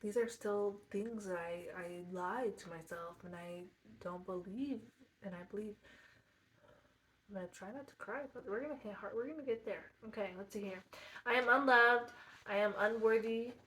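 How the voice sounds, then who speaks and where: Soft-spoken young woman, thinking aloud. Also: mid-range voice, moderate pace, slight background noise. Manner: addresses viewers directly and earnestly. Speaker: self-help vlogger. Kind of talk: reflective personal vlog.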